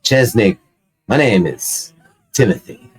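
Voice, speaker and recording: A man's voice: fairly low pitch, lively intonation, takes it slowly. A man voicing a jaded young hipster who speaks bluntly and with scorn in a tabletop game. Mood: scornful.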